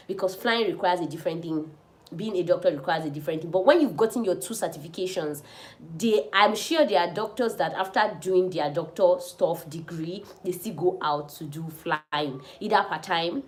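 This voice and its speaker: A young woman pilot with a Nigerian accent, answering viewers' questions in a chatty, advising live stream. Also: on the low side. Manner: chatty, advising, laughs often. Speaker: pilot and channel host.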